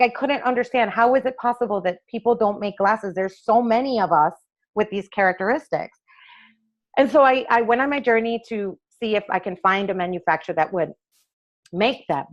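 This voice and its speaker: A woman's voice: medium pitch, highs cut off. A woman optometrist telling the story of how she came to make her own eyewear, acting out the dialogue she quotes. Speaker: optometrist and eyewear maker, interview guest. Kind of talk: conversational interview storytelling.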